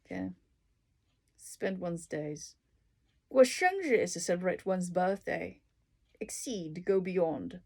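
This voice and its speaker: A woman reading through dictionary entries and explaining each one with everyday examples, in an unhurried, casual way. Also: fairly low pitch, lively intonation, slightly rough. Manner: unhurried, explaining words with examples, soft asides. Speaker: language tutor.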